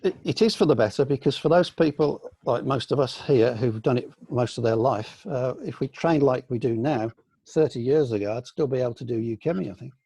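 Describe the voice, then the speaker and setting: This older man from the UK speaks with a warm, slightly husky voice over a close, dry video-call line. He reflects at an easy pace, hesitating with ums and restarting phrases as he remembers. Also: mid-range voice, fairly quick, dry recording. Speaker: senior aikido teacher answering questions. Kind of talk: casual online Q&A.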